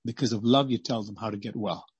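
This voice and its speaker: A man preaching a sermon and reading scripture aloud, swinging between loud exclamations and hushed pleading. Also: on the low side, fairly even intonation, fast talker, slightly rough, no room sound.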